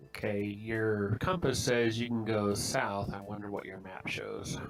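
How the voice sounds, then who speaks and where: A man with a lowish voice chatting quietly beside a game player. He drops offhand hints in a casual tone. Faint music plays behind him. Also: fairly even intonation, unhurried. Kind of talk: casual chat.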